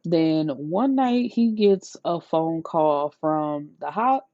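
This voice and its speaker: A woman reviewing a book in a casual rant, retelling the plot in an incredulous, profane, lively way. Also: low-pitched, slow, no echo. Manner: incredulous, profane, animated storytelling. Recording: slightly dull lo-fi sound, dry.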